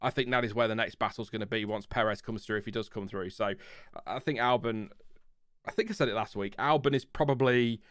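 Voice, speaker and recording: A man from Lincolnshire, England, with a Lincolnshire accent, hosts a casual live F1 chat stream, rambling, restarting sentences and chuckling at his own tangents. His voice is fairly low in pitch, a little fast and a bit bright. The tone is clean, with no room sound and studio quality.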